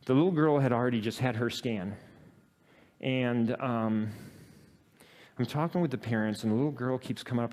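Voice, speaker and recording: This man, addressing an audience, haltingly recounts a story from his own work life, full of fillers and self-deprecating laughter. His voice sits in the mid range with a slightly mellow quality.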